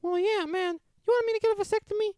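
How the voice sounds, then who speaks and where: A man voicing a stubborn, crude husband who swears constantly in a squeaky put-on voice. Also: steady tone, quick pace, a little mellow, no room sound, studio quality. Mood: defiant.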